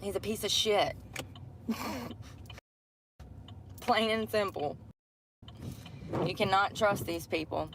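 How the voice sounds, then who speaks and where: A woman's voice: medium pitch, slow, pauses often, noisy background. A middle-aged woman ranting bluntly and profanely about her job. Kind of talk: candid rant.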